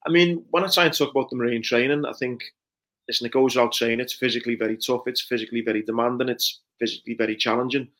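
Speaking fast with a medium pitch, fairly even intonation and a fairly bright tone, a man who once served as a Royal Marine recalls his training. He's a guest in a conversational interview, earnest and reflective, leaning heavily on fillers such as "you know."

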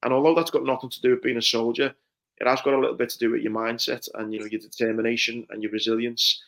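A man's voice: medium pitch, little pitch movement, quick pace, creaky, a bit bright. A man, a former Marine recalling his training in an earnest, reflective interview. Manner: earnest, reflective, many fillers like "you know". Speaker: guest, former Royal Marine. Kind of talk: conversational interview storytelling.

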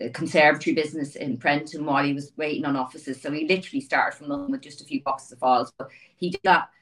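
Low-voiced Dublin woman, chatty and distant. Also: lively intonation, quick pace, a bit bright. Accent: Dublin Irish. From Ireland (Dublin). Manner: chatty storyteller, frequent restarts and you-knows. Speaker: guest. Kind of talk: conversational interview.

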